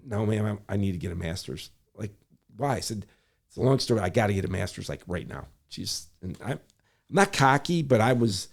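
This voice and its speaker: A man's voice: fairly low pitch, lively intonation, creaky. A middle-aged man from Michigan, a public servant, telling a story in conversation, acting out other people's lines and often correcting himself mid-sentence. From Michigan, USA. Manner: acts out quoted voices, rapid self-corrections.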